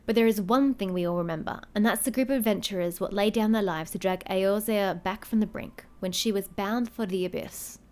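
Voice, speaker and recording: A woman's voice: medium pitch, a little fast, hardly any pauses, darkish tone, close to an everyday voice. Baderon, a hearty tavern keeper, read out by a woman. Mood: storytelling. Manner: reads lines aloud with a brief attempt at a rough accent. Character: middle-aged male tavern keeper, hearty sailor-town host.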